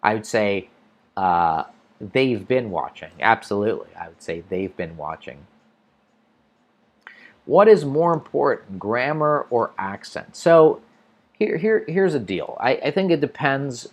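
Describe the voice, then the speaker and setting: A man's voice: medium pitch, very animated, unhurried. An American man hosting an English-learning livestream, casually answering viewer comments and thinking aloud with restarts. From United States.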